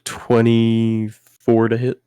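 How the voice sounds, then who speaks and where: A man's voice: medium pitch, monotone, extremely slow, mellow, clear, resonant tone, dry recording, clean studio sound. A man playing a tabletop game, blunt and swearing casually. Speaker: player.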